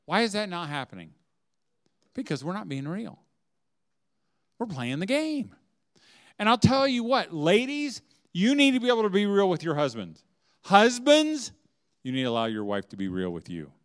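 A middle-aged man giving a humorous, inspirational talk to a homeschooling audience, chatty and often laughing as he acts out dialogue. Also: medium pitch. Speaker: speaker at a homeschooling event.

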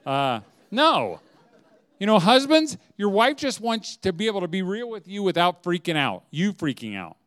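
A man's voice: high-pitched, big pitch swings, moderate pace, a bit bright. A middle-aged man giving a humorous, inspirational talk to a homeschooling audience, chatty and often laughing as he acts out dialogue. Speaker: speaker at a homeschooling event.

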